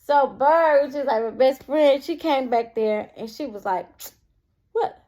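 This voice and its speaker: A young woman telling a storytime vlog, animated and constantly addressing her viewers directly. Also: sits high, normal speed. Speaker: vlogger.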